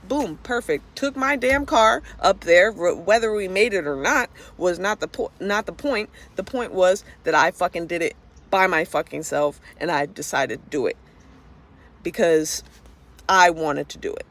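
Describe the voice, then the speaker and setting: A woman's voice: lowish voice, moderate pace, fairly bright tone. Frustrated woman ranting, blunt and profane. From Florida. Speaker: vlogger. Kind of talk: unscripted personal rant.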